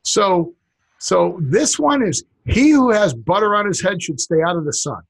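A man's voice: high voice, lively intonation, measured pace, creaky, husky, no echo, rough recording. A man co-hosting a podcast in casual chat, joking and rambling with lots of restarts. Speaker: podcast co-host.

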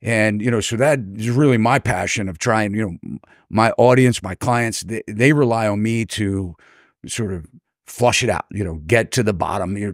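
A man's voice: fairly low pitch, no room sound, clean studio sound. An American man hosting an interview, asking long rambling questions with many fillers and restarts. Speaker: podcast host, real estate broker.

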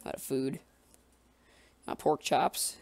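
A man giving casual let's-play commentary, excitable and talking to himself and the creatures in the game. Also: medium pitch, slow, vocal fry, dry recording. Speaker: gamer.

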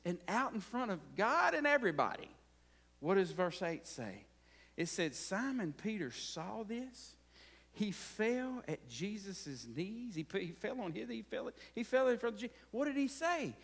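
A man's voice: high voice, big pitch swings, unhurried, a bit bright. A man preaching a conversational sermon as pastor, asking the congregation frequent rhetorical questions.

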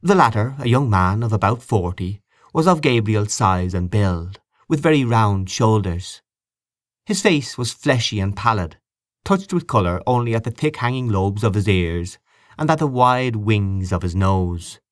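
A man narrating a literary audiobook in a measured, expressive way. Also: on the low side, no room sound, studio quality. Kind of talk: audiobook reading of literary fiction.

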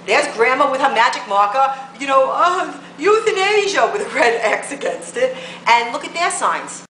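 A woman's voice: sits high, very animated, normal speed, pushed and bright, reverberant, a little hiss or hum, low-quality recording. A woman political blogger delivering a combative rant to camera, full of emphatic rhetorical questions.

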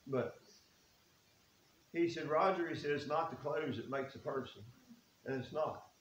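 A man's voice: on the high side, measured pace. A man preaching a sermon in a church, folksy and earnest, reading scripture aloud. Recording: echoey room with faint hiss.

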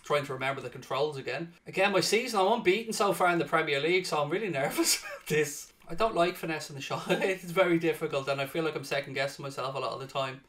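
A man giving let's-play commentary on a football game, swearing freely and swinging between low muttering and loud outbursts. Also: fast talker, hardly any pauses. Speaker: gaming channel host.

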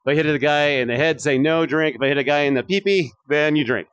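A man's voice: on the high side, quick pace, a bit bright, smooth, dry recording, studio quality. A man streaming a virtual reality shooter, rambling and joking with viewers and swearing often. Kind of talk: casual live-stream commentary.

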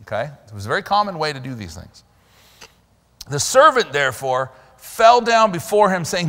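A male pastor delivers an animated sermon with a fairly high voice and a very lively melody. He drives his points with sudden loud stresses. His voice carries a long reverb from the church hall. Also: normal speed. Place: church sanctuary.

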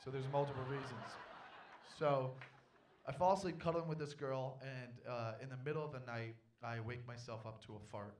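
A young man performing a stand-up comedy set on stage, telling a story with animated, loud panicky outbursts. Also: mid-range voice, moderate pace, far from the mic, a little hiss or hum.

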